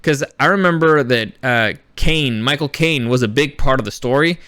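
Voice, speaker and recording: A man's voice: medium pitch, moderate pace, sharp tone, smooth, no room sound, clean studio sound. A man giving a casual, rambling film review, blunt and a little profane, with frequent restarts. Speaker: movie reviewer.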